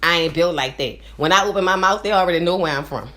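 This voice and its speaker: A woman's voice: lowish voice, quick pace. A woman in her forties with a nasal New Orleans accent, rambling to her viewers in a casual monologue and often checking in with "you understand?". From New Orleans, USA. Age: 40s. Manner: rambling, repeats "you understand?", swings between loud and quiet. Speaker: vlogger.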